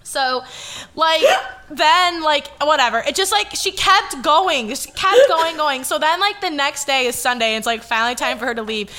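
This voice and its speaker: A woman in her twenties hosting a podcast, telling a story in casual chat, animated and swearing as she acts out quoted dialogue. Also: high-pitched, moderate pace. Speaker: podcast host.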